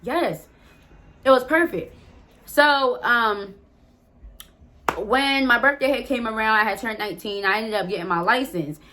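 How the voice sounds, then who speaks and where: A woman's voice: on the high side, measured pace, long pauses, background noise. A woman vlogger telling a personal story to her viewers in a casual, candid way, swearing freely and talking straight to them.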